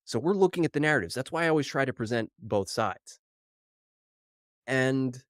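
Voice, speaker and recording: A male podcast host talks alone at a mid pitch, animated and a little breathless from too much coffee. He mocks what he reads with wry disbelief. The recording is dry and close, with no room echo. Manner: animated and worked up, mocking quoted headlines. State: over-caffeinated, slightly out of breath. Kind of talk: solo podcast commentary.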